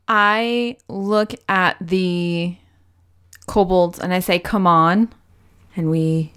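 Woman player in a tabletop game, thinking out loud about her character. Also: on the low side, fairly even intonation, slow pace, clean tone.

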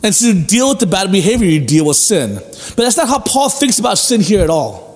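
A high-pitched man preaching in a church, his earnest voice ringing with long reverb. He drives points home by repeating phrases and asking the listeners questions. Faint music sits beneath him. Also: sing-song, a little fast. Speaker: pastor. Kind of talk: sermon.

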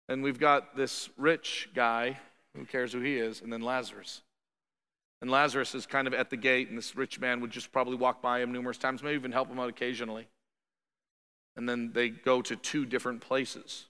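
A man preaching a conversational sermon as pastor, animated and quick to act out quoted voices. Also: mid-range voice, clear, resonant tone, long reverb tail. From Canada.

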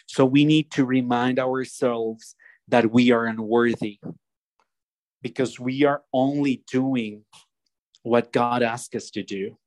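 A man preaching a sermon, slow and deliberate, often restarting his phrases as he explains a passage. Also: medium pitch, no room sound, rough recording.

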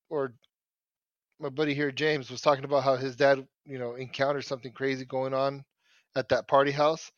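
A man hosting a casual podcast over a voice call, relaxed and swearing freely. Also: fairly high pitch, no room sound. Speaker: podcast host. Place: remote call over Discord. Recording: dry, dull lo-fi call audio.

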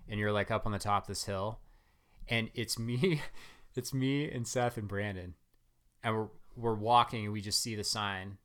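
A man with a fairly low voice chatting as a guest, rambling through a story full of fillers. He tells it in an animated, storytelling way. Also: moderate pace. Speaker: guest runner. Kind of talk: casual interview chat.

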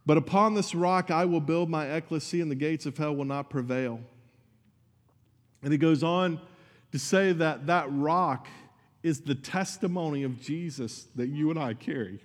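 A man's voice: a little high, moderate pace, long reverb tail. A man preaching a sermon as pastor, earnest and conversational, with asides to his congregation.

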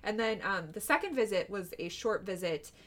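A woman's voice: medium pitch, animated, normal speed. A woman co-hosting a casual chat, rambling with many fillers and restarts. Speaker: podcast co-host.

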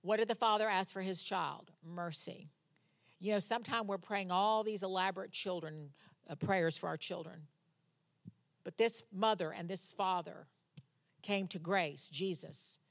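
A woman preaching a sermon, reading scripture aloud and explaining it with humorous conversational asides, her voice rising loud for cries and dropping soft on key words. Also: fairly low pitch, measured pace.

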